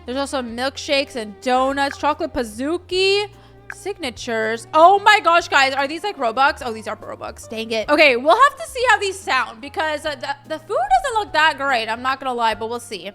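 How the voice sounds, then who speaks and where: A young woman giving casual, excitable commentary while she plays a game, with lots of "oh my gosh" and "like". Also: high voice, moderate pace, soft background music. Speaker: gaming YouTuber.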